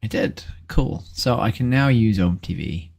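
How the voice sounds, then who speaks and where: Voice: mid-range voice, lively intonation, unhurried, creaky, a little mellow. A vlogger thinking aloud in a rambling, hesitant way while setting things up on a computer. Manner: rambling, hesitant, trailing off with many ums.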